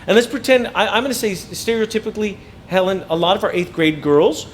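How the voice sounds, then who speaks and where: A man giving an inspirational talk to teachers, animated and acting out students' voices. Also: high-pitched, fairly quick, slight background noise. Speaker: inspirational speaker.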